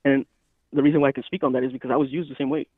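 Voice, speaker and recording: Fast-talking man on a tinny line. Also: mid-range voice, little pitch movement, breathy edge, no room sound. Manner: rapid, emphatic, profane. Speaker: podcast co-host. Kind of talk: casual chat.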